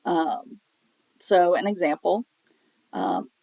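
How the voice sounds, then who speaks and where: A woman teaching a sign language lesson, explaining step by step in a patient, plain way, often pausing on um. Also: on the low side, darkish tone, no room sound, poor audio. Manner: patient, explanatory, with frequent um fillers. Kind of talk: recorded classroom lesson.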